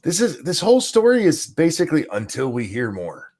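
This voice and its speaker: A man's voice: on the high side, wildly swooping pitch, a little fast, a little mellow. A man co-hosting a casual political talk stream, speaking hesitantly and searching for his words. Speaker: co-host of a news talk stream.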